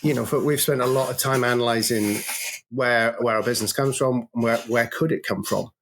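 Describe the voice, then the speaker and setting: A man with a gravelly edge to his voice, a guest on a business interview show. He talks in an animated, storytelling way, doubling back on words and stacking examples as he explains his thinking. His pitch sits in an ordinary middle range. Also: normal speed, a little hiss or hum. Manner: storytelling, animated, frequent restarts. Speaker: agency co-founder, podcast guest.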